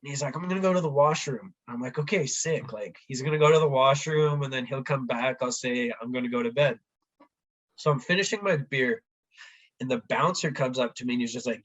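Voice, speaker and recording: A man tells a story in a relaxed, casual chat. He is animated and puts on the voices of the people in it, dropping "like" all the time. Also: mid-range voice, fairly quick, low-quality recording. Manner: animated, acts out quoted voices, says "like" often. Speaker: podcast guest.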